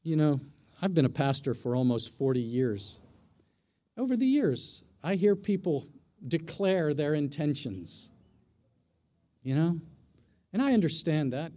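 A man's voice: on the high side, big pitch swings, measured pace, pauses often, dark tone. A middle-aged man, a pastor, preaching a sermon in a conversational way, often asking the congregation questions.

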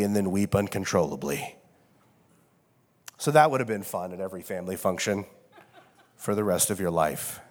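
A man's voice: medium pitch, brisk. A man preaching a casual, conversational sermon as pastor, wry and loose with fillers. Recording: long reverb of a large hall.

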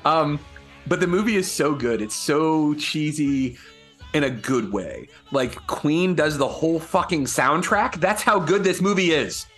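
A man co-hosting a casual podcast, talking with animated energy and frequent swearing. His pitch swoops up and down a lot as he gets worked up, and he laughs readily between points. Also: unhurried, faint music behind. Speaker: podcast co-host. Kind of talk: casual chat.

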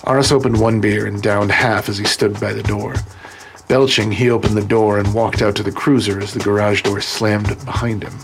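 A man narrating an audiobook in a steady, measured way. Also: on the low side, creaky. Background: music.

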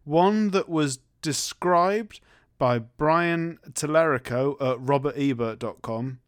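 A man's voice: on the high side, slow pace, clean tone, no room sound, clean studio sound. A man casually recapping a film as a podcast co-host, telling it as a story and briefly putting on voices for the characters. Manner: animated storyteller, acts out characters in jokey voices.

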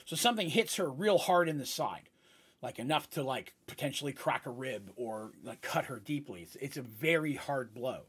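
A man's voice: mid-range voice, expressive, normal speed, fairly bright tone, husky. A man narrating a tabletop role-playing game as game master, in a casual, meandering way with asides.

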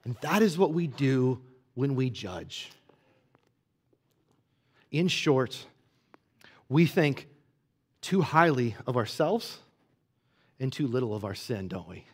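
A man preaching a sermon in a conversational way, asking rhetorical questions and moving between hushed asides and emphatic stretches. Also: mid-range voice, very animated, slow pace, long pauses, husky. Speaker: pastor.

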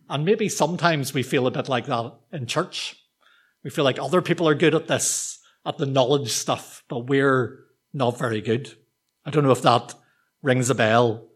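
This is a man giving a sermon to a congregation, his voice husky and medium in pitch. He keeps a relaxed, talky, self-deprecating tone, with many ums and restarts.

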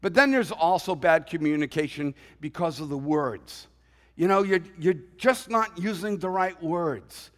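A male pastor with a high-pitched voice delivers a relaxed, conversational sermon. He jokes, acts out little quotes and asides, and the sound rings with a long reverb from the church hall. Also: measured pace. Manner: conversational preaching with humorous asides and acted quotes.

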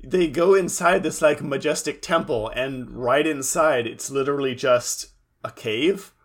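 A man of middling pitch chatting casually as a podcast co-host. He makes dry, sardonic remarks in an easygoing way. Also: measured pace. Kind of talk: casual chat.

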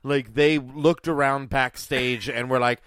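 A man's voice: mid-range voice, measured pace, clean tone, dry recording, studio quality. A man co-hosting a podcast, joking and swearing in casual chat about old wrestling. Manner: profane, joking, animated storytelling. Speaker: podcast co-host.

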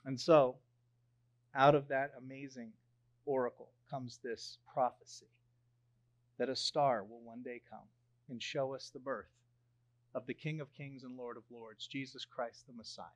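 A young man preaching a sermon, telling a story in an animated way and swelling loud on key phrases. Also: medium pitch, a little slow, long pauses. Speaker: pastor.

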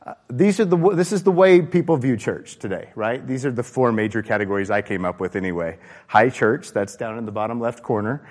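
A man gives a loose, conversational sermon, full of restarts and asides to the congregation. His voice sits at an ordinary middle pitch for a man. It carries a long reverb from a church hall. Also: a little mellow. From American South. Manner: informal, asks the congregation questions, frequent fillers and restarts. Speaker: preacher. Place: church sanctuary.

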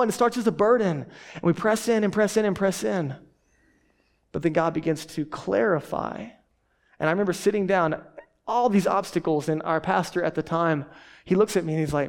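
Here's a slightly raised voice from a Texas preacher in his thirties, a man rattling quickly through his sermon. He tells his stories with lots of animation.

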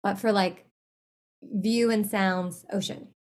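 A woman's voice: medium pitch, steady tone, takes it slowly, a little mellow. A woman being interviewed in a casual chat. She rambles, trails off mid-thought and laughs often. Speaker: interview guest.

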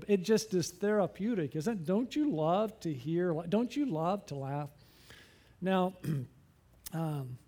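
A man with a notably high-pitched voice delivers a chatty sermon to his congregation. He keeps turning to the listeners with little questions and pokes fun at himself, sounding middle-aged and relaxed. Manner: conversational, asks the congregation many questions; self-deprecating humor. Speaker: pastor.

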